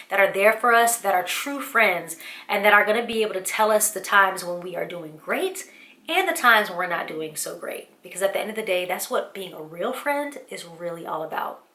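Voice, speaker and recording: A woman's voice: mid-range voice, animated, a little fast, fairly bright tone. A woman hosting a motivational vlog, talking in an earnest, upbeat, casual way about faith and friendship. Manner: earnest, upbeat, uses Southern-US slang like y'all. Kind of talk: casual faith-based encouragement talk. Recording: echoey room.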